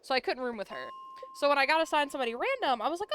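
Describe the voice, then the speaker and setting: Her voice sits on the high side, a bit bright and quick. She's a young adult woman playing a farming game on stream, casually swapping college stories full of "like," with yawns in between.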